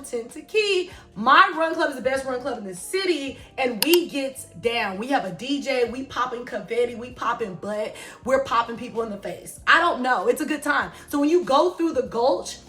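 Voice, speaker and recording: Young woman, high voice, bright and tense tone, animated casual vlog chatter, soft music underneath. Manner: animated, chatty, dramatic, joking asides. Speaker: running vlogger.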